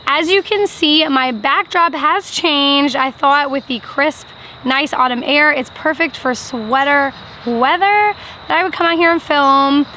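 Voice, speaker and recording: A woman's voice: high voice, a little slow, pushed and bright, a little hiss or hum. Enthusiastic, chatty young woman book vlogger. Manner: enthusiastic, chatty, many "like" fillers. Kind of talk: casual book review vlog.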